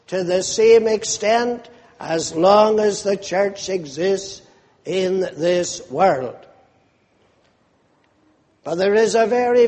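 A man, a minister preaching a sermon deliberately, rising in emphasis when he quotes scripture. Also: high voice, darkish tone, big-room sound.

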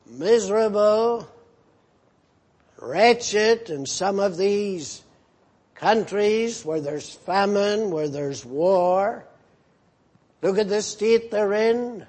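Husky-voiced man preaching a slow sermon. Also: high voice, expressive, darkish tone. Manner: earnest, rebuking, emphatic repetition. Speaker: pastor.

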